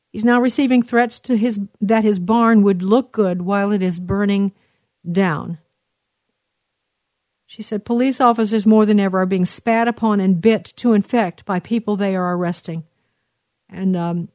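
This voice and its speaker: A middle-aged woman with a medium-pitched, darkish voice hosts a talk radio show, reading listener messages earnestly and emotionally, full of fillers and restarts. The sound is clean studio audio with no echo.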